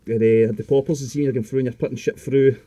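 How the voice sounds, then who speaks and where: Fast-talking, sweary young man. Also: mid-range voice, steady tone, warm tone, dry recording. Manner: rambling and sweary, often tags lines with "mate". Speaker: guest. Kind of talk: casual storytelling chat.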